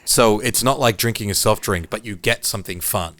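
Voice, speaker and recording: A man's voice: fairly low pitch, fairly quick, fairly bright tone, no echo. A man co-hosting a television recap podcast in an enthusiastic casual chat, chuckling often. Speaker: podcast co-host.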